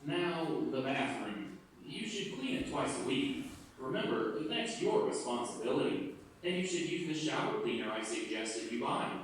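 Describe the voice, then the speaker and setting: A man's voice: mid-range voice, very animated, normal speed, a little hiss or hum, natural voice. A man playing a strict roommate who lists his complaints firmly, in a scripted listening exercise played over classroom speakers. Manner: firm, lecturing list of complaints. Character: man named Jim, strict fussy roommate. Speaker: actor in a textbook listening dialogue. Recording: very echoey room, played from far off.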